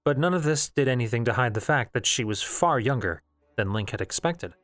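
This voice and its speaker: A man narrating a novel in a measured, even storytelling voice. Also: mid-range voice, no room sound. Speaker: audiobook narrator. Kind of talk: novel reading.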